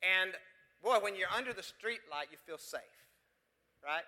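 A man's voice: sits high, lively intonation, a little slow, sharp tone, long reverb tail. A pastor from West Texas, preaching a sermon full of emphatic rhetorical questions to his congregation.

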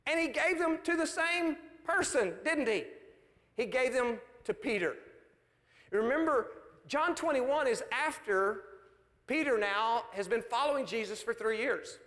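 A man preaching a sermon with lively, folksy storytelling. His voice sits very high and rings bright and forceful. The sound carries a long reverb, as in a large hall. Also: moderate pace. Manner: animated storytelling, folksy asides. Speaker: pastor.

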